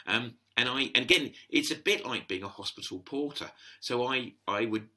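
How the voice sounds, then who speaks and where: A man's voice: mid-range voice, moderate pace, bright, forceful tone. A middle-aged man telling stories in a chatty, rambling way, full of restarts, as a podcast guest. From England. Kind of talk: casual storytelling.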